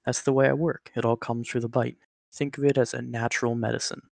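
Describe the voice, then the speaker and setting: A man's voice: mid-range voice, little pitch movement, brisk, creaky, darkish tone, no echo, lightly acted. A man voicing Nate, a wry old talking rattlesnake. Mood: calm. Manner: matter-of-fact, chatty, joking.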